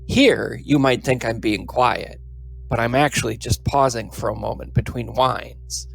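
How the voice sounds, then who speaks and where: A man voicing a cheeky, energetic deaf female cow dog, reading her diary entries in a playful, boastful way. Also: medium pitch, unhurried, vocal fry, exaggerated voice.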